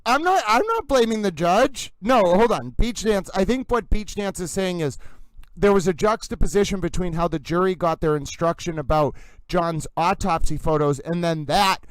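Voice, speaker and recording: A man hosting a live commentary stream, theatrically exasperated, swinging between yelling and low muttering. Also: expressive, normal speed, no room sound, low-quality recording. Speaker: livestream host commenting on a trial.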